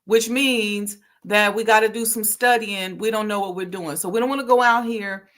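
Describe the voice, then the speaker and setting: Hosting a talk show about history, a middle-aged woman speaks in a mid-range, fairly bright voice with fairly even intonation at normal speed. She is a historic preservation consultant and channel host whose casual, preachy teaching is peppered with slang and laughter.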